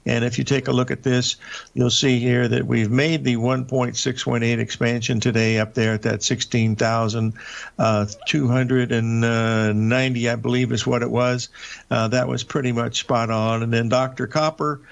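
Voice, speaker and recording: Older man, deep gravelly fry, rambling folksy market commentary, lots of uhs, dull lo-fi audio. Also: flat delivery, normal speed. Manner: rambling, folksy, many filler uhs and restarts. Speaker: market show host. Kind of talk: live market commentary over charts.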